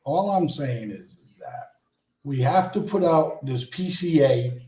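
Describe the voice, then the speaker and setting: Slow, lively-voiced male co-host. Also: fairly high pitch, roomy sound, low-quality recording. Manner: playful, announcer-like hype. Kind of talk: casual chat.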